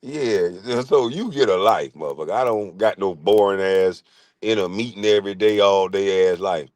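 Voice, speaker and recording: A middle-aged man streaming a profane comic rant, crude, loud and laughing often. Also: low-pitched, moderate pace, dry recording.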